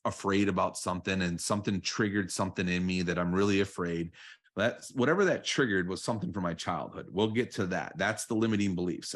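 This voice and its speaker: Earnest low-voiced man coaching. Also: a bit bright. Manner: earnest, repeats phrases, frequent "right?". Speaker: real estate coach, guest. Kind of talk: podcast interview.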